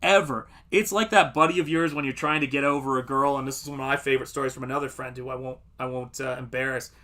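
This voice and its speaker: Bright-voiced man, chatty storyteller. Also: medium pitch, fast. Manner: animated storytelling, acts out quotes. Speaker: comic artist streamer. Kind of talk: casual livestream chat.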